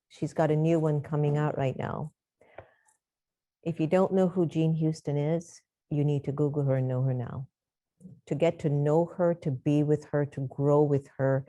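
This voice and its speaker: Low, dark-voiced woman host. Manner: effusive, admiring. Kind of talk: introducing guests.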